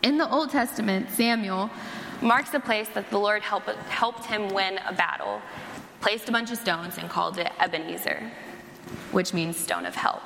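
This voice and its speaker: Speaking at a normal pace in a mid-range voice with some vocal fry, a young church worker delivers a sermon and shares a personal story, casual and chatty and full of "like." Her tone is bright and forceful. The echoey hall recording carries a little hiss or hum.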